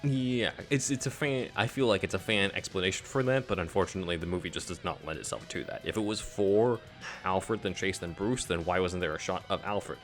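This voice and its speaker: A man co-hosts a laid-back podcast and offers relaxed, opinionated commentary. His voice sits very low. Faint guitar music sits under the conversation. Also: brisk. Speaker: podcast co-host. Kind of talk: casual chat.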